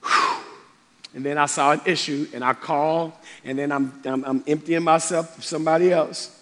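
A man with a high voice preaches a passionate sermon, one moment loud and driving, the next hushed and low. His voice rings out with a long reverb that trails behind every phrase. The delivery is personal and intense. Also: fairly even intonation, normal speed. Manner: impassioned, swings between loud and quiet. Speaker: pastor. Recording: long reverb of a large hall.

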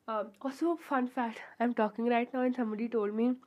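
A woman's voice: on the high side, fairly even intonation, a little fast, darkish tone, lo-fi sound. A young adult woman hosting a casual solo podcast, rambling and chatty with lots of fillers and giggly asides, in a pure-sounding voice. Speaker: podcast host.

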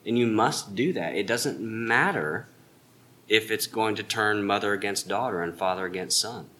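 Deep, bright-voiced man teaching Bible class. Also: moderate pace, a little hiss or hum. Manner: earnest, emphatic explaining with rhetorical questions.

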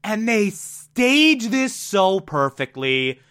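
A TV recapper with a bright, forward voice who gushes over a scene and breaks into excited outbursts. The talk is casual and animated, running from hushed awe to loud enthusiasm. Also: mid-range voice, very slow, smooth. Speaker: TV episode recapper.

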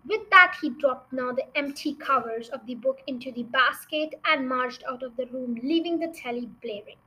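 A woman's voice: high-pitched, normal speed, pushed and bright, slight background noise, rough recording. A young woman reading a children's novel aloud as a storyteller, with chatty asides to her listeners.

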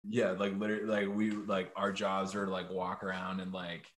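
A man's voice: deep voice, completely flat delivery, normal speed, over a noisy crowd. A young man chatting as a podcast guest over a video call, laid-back and rambling with lots of "like". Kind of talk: casual podcast chat.

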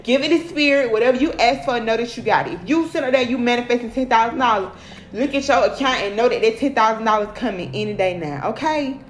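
Woman host, AAVE, blunt and profane motivational talk, slightly high voice, echoey room with faint hum. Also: fast. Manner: blunt, cussing, repeats "period" and "okay".

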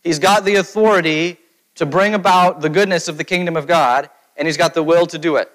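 A man's voice: on the high side, steady tone, fairly quick, fairly bright tone, rough recording. A middle-aged man preaching a conversational sermon, often checking in with his listeners as he talks. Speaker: pastor.

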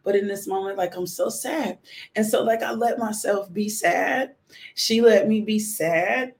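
A woman's voice: medium pitch, unhurried. A middle-aged woman hosting a live stream, talking in a heartfelt, rambling way and repeating herself. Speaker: livestream host, widowed mother. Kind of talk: casual live-stream chat.

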